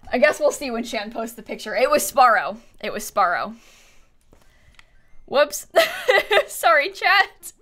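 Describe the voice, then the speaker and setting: A chatty young woman hosting a live stream, thanking her viewers one by one and laughing easily. Her voice is bright, clear and slightly high, with lots of relaxed fillers. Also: measured pace, pauses often. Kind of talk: casual live-stream chat.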